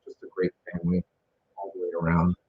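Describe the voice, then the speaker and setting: A man's voice: sits low, monotone, quick pace, breathy edge. A man casually narrating photos from an event he organized, enthusiastic and rambling, with many fillers. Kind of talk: casual photo slideshow commentary. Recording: dull lo-fi sound with faint noise.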